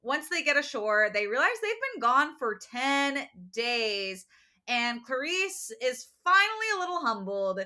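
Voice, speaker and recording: A woman co-hosting a podcast, recapping a book in casual chat and acting out quick quotes from the characters. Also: sits high. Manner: animated storytelling with quick voiced quotes and laughs. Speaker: podcast co-host.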